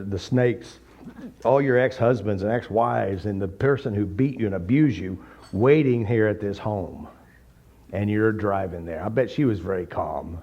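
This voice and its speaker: Blunt, joking man teaching. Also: fairly low pitch. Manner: blunt, joking, animated storytelling. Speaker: therapy method teacher. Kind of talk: informal teaching talk with anecdotes. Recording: slightly dull recording.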